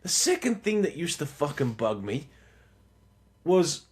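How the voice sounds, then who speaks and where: Animated man telling stories. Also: fairly high pitch, measured pace. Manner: animated storyteller, swears freely. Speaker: podcast co-host. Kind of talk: casual chat.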